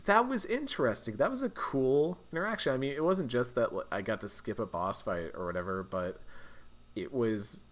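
A man's voice: medium pitch, normal speed. A man in casual chat recapping a video game, rambling with plenty of fillers and restarts.

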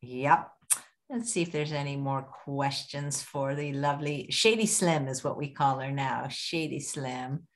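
A woman with a notably low voice hosting a live online interview. She banters with her guest and breaks in to read viewer comments aloud. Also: steady tone, measured pace. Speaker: podcast host.

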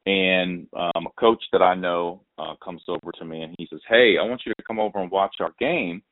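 A man hosting a sports podcast, telling a story in a lively, casual way and acting out the voices he quotes. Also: low voice, brisk. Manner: animated, acts out quoted voices. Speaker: podcast host. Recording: tinny phone-like audio.

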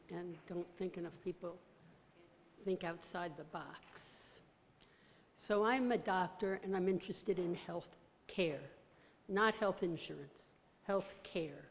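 A woman's voice: fairly low pitch, unhurried, long pauses, slight background noise. A woman in the audience at a public talk asking a question, insistent and persistent. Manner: insistent, persistent, keeps the floor. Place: large church hall. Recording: reverberant church hall.

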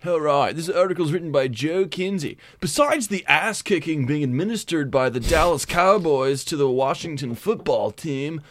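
Male podcast co-host, lively up-and-down delivery, fairly high voice, dry close mic. reads news and cracks jokes. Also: normal speed, few pauses, no echo. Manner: jokey, jumps into silly put-on voices. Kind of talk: casual comedy chat, reading news.

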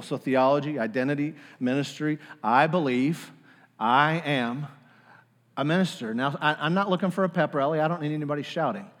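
A man delivers a lively sermon, rising and falling as he calls the congregation to repeat after him. His voice sits a little high for a man. Long reverb from a large hall trails each phrase. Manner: animated preaching with call-and-response. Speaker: pastor.

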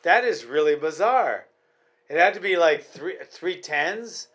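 A man's voice: on the high side, animated, measured pace, fairly bright tone. A man chatting casually about fights as a podcast host, rambling and restarting his sentences often.

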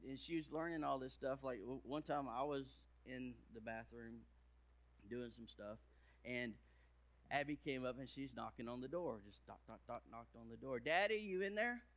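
Playful man preaching to kids. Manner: playful, jokey, big swings in pitch and volume. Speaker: pastor. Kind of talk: children's sermon.

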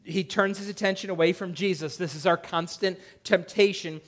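High-voiced man preaching a sermon. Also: fairly even intonation, normal speed. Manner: conversational preaching, acts out quoted voices with rising pitch and loudness. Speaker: pastor. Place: church.

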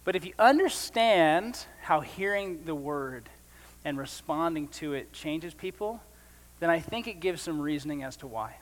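A man's voice: a little high, animated, unhurried, big-room sound. A male pastor preaching a sermon in a conversational way, with joking asides.

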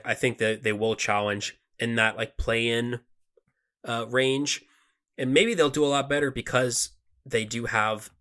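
A man with a fairly low, bright and forceful voice talks through basketball picks on a podcast. He speaks loosely and casually, with plenty of fillers and quick restarts. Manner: relaxed, conversational, frequent fillers and restarts. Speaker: podcast co-host. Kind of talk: casual sports podcast chat.

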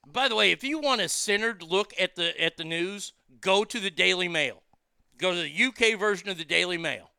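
A man hosting his own commentary show in a fairly high, gravelly voice. He rants with sarcasm and frequent swearing, stacking repeated words when he gets heated. His tone is bright and sharp and the sound is smooth and clear. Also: expressive, moderate pace, dry recording, clean studio sound. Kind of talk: ranting political commentary.

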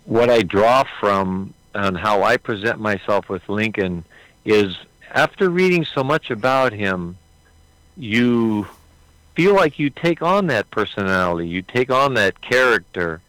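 A man's voice: fairly low pitch, expressive, measured pace, fairly bright tone, no echo, low-quality recording. A man being interviewed about playing a historical figure, answering earnestly with hesitant restarts. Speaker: actor portraying Lincoln, interview guest.

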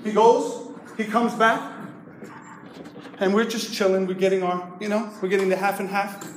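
A man's voice: high voice, steady tone, moderate pace, a little hiss or hum. Man, pastor, humorous sermon, playful, calls out to the congregation, very echoey hall.

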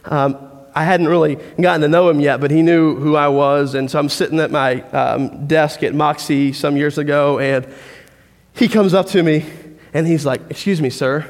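Male pastor, fairly high voice, lively conversational sermon, reverberant church hall. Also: normal speed. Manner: conversational, animated storytelling.

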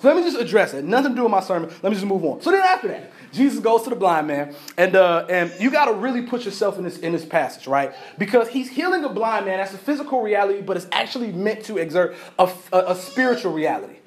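Male pastor with a high voice, preaching casually and acting out the story. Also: sing-song, quick pace, hardly any pauses. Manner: casual storytelling, acts out characters, laughs often. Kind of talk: sermon. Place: church.

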